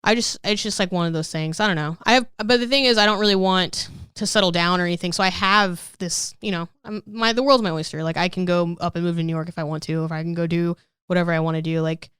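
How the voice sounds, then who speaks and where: A woman's voice: fairly low pitch, fairly even intonation, quick pace, fairly bright tone, clean tone, no echo, studio quality. A woman comedian in her thirties chatting candidly on a podcast, rambling and swearing, with constant "like"s. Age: 30s. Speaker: comedian guest. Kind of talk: casual podcast interview.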